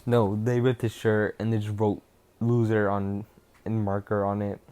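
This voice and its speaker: A young man casually retelling a fan-fiction story, rambling and rushed, with restarts and swearing. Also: lowish voice, level tone, mellow.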